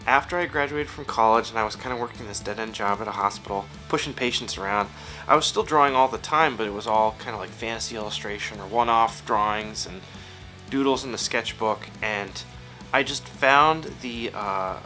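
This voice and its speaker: This comics creator in his thirties, who both writes and draws, responds to interview questions briskly in a lowish but pushed, bright voice, with soft music playing behind him. Recorded at his home studio, he rambles, peppers his answers with fillers, and pokes fun at himself.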